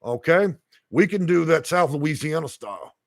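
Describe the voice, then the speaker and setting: A gravelly-voiced man rants angrily on a livestream, profane and worked up, laughing now and then as he reads the chat. His voice sits a little high for a man, and the recording is close and dry in a small room. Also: big pitch swings, normal speed, no echo. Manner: heated, profane, street talk with laughs. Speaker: housing consultant, livestream host. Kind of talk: angry livestream rant reading chat.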